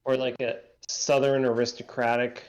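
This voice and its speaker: A man's voice: mid-range voice, level tone, normal speed, lo-fi sound. A man co-hosting a casual movie podcast, laid-back and hesitant, with lots of "I mean" fillers. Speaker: podcast co-host. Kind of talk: casual chat about movies.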